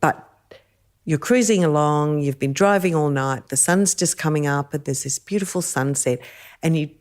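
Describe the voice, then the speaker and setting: Guest, Australian woman, middle-aged, deep-set voice, warm storyteller who laughs easily. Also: normal speed. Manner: lively, laughs often while telling stories. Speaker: podcast guest. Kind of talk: storytelling in casual chat.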